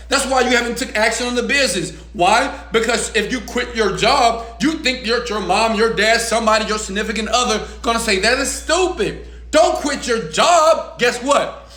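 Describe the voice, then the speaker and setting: A man giving a motivational rant, loud and profane, swinging between shouting and soft talk. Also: high-pitched, echoey room. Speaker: motivational speaker.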